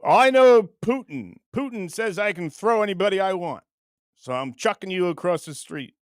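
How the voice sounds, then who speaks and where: A man voicing a hulking male wrestler who hurls people around, in a deliberately bad fake Russian accent, menacing and slow. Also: high voice, lively intonation, no echo, studio quality, pitched above the performer's own voice.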